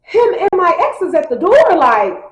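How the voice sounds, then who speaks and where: A young woman tells a personal story casually, slangy and animated, acting out her friends' lines. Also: very high voice, normal speed. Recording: echoey room.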